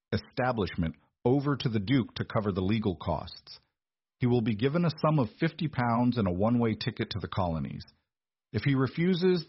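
A man's voice: on the low side, breathy edge, no echo, highs cut off. A man reading the part of a cold, pompous male lawyer with a clipped, sneering delivery.

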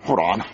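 A man in a comedy sketch playing an exasperated dad, talking quickly and with lots of expression. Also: muffled recording, background noise.

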